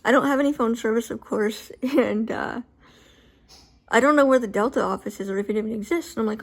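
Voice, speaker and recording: Animated woman with a high-set voice. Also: fairly quick. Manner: animated, filler-heavy, acts out her own reactions. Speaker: vlogger telling a personal story. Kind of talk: casual storytelling to camera.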